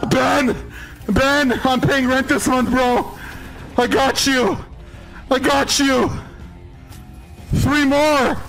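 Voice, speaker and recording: A man shrieks and laughs in disbelief during a live slot stream, his voice hoarse, high and gravelly. He talks slowly between outbursts, with faint game music behind him. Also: flat delivery, fairly bright tone, rough recording. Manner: screaming and laughing in disbelief at wins. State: hoarse, voice nearly gone. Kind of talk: excited live-stream reaction. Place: at home.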